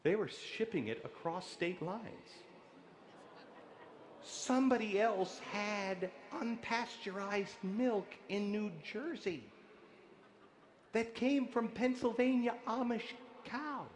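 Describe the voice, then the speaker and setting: A man giving a sarcastic speech at a convention, incredulous and building to shouts. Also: high-pitched, takes it slowly, slight background noise. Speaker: speaker at a convention.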